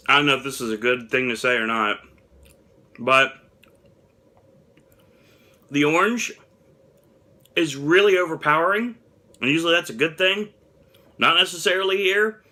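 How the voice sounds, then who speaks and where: Unhurried and pausing often, this young vlogger speaks in a fairly high, pushed, bright voice while trying snacks on camera. His taste-test chat is casual and honest, with a touch of drama about each flavor.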